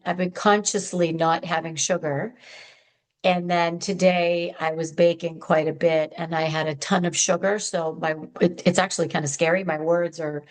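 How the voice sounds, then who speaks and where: A woman hosting an advice podcast, talking in a chatty, animated way straight to her listeners. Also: fairly low pitch. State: hopped up on sugar. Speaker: podcast host. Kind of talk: upbeat advice podcast monologue.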